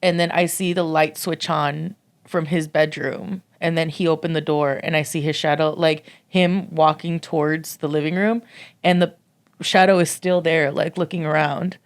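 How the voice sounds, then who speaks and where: Low-voiced woman telling a story. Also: steady tone, moderate pace. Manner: swears freely, lots of "like" fillers. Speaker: podcast co-host. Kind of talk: casual storytelling chat.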